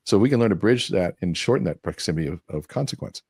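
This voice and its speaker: Low-voiced guy talking fast, tells stories and acts out the quotes, dry close sound. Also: breathy edge, no echo. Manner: animated storyteller acting out quotes. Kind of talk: conversational interview.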